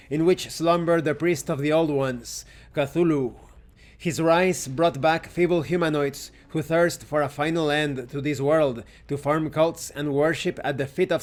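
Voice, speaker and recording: A man hosting a tabletop game review channel, reading lore aloud in an earnest storytelling way and then thanking his viewers. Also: fairly high pitch. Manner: stops to correct his own pronunciation.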